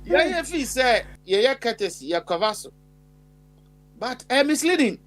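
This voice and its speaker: A man with a Ghanaian accent telling a story in animated chat, switching between English and Twi and laughing often. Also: very high-pitched, normal speed, a little hiss or hum, rough recording.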